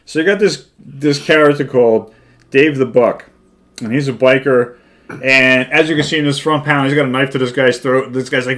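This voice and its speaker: A man's voice: mid-range voice, fairly even intonation, a little fast, fairly bright tone. An older man co-hosting a casual comic book chat, retelling a story in a rambling, chuckling way. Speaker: co-host.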